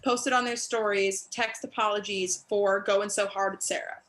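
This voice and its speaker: A woman's voice: mid-range voice, fairly even intonation, moderate pace, fairly bright tone. A woman co-hosting a podcast, chatting casually about astrology and a reality show and often slipping into quoted voices. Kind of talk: casual recap chat.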